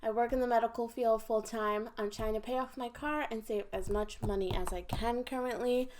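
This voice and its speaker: A woman's voice: a little high, fairly even intonation, moderate pace, a little mellow, a little hiss or hum. A woman in her twenties chatting casually to camera about her budget, upbeat and talkative. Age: 20s. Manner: chatty, upbeat, talks while counting cash. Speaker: budgeting vlogger.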